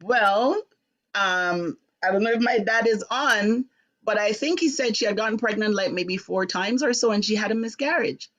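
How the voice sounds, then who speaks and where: A middle-aged woman from Jamaica hosting a live talk stream, telling a personal story with lively, indignant delivery. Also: mid-range voice, moderate pace. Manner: animated, acts out voices in quotes, rising to sharp indignation. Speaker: host of a live talk show.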